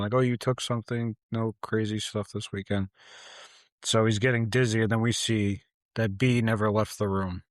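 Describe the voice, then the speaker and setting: A man's voice: on the low side, no room sound, studio quality. A man co-hosting a podcast, casually retelling a film's plot and acting out the characters' lines. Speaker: podcast co-host. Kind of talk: casual movie recap chat.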